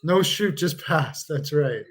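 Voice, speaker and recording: A man's voice: on the high side, lively intonation, takes it slowly. A man hosting a casual hockey watch-along stream, joking, laughing often and swearing freely. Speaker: livestream host.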